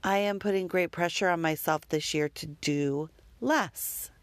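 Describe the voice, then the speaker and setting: Candid rambling woman, low voice. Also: measured pace, no room sound. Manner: rambling, self-deprecating, occasionally profane. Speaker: parent. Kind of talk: candid personal monologue.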